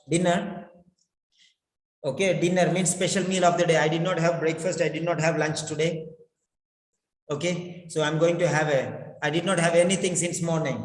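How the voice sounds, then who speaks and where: A man teaching English pronunciation in an online class, repeating key phrases and coaxing his students to answer. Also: a little high. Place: in his village. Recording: echoey room with long reverb.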